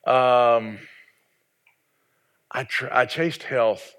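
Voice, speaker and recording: Southern pastor guy in his 40s preaching, folksy and joking at himself, keeps restarting, middle pitch. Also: steady tone, drawn-out words, a bit bright. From American South. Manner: folksy, self-deprecating storytelling with repeated restarts. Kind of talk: sermon.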